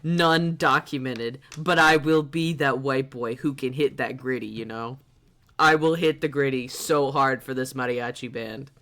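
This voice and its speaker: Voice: medium pitch, fairly even intonation, unhurried, fairly bright tone. A gaming streamer commenting on a game while laughing so hard they are in tears, breathless and swearing. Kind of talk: let's play commentary.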